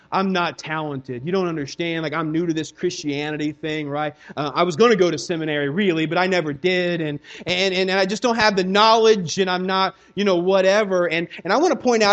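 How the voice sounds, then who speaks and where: A male pastor preaching in a loose, conversational way, acting out short quoted voices of children and churchgoers. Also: high voice. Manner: conversational preaching, acts out kids' and congregants' voices. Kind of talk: sermon.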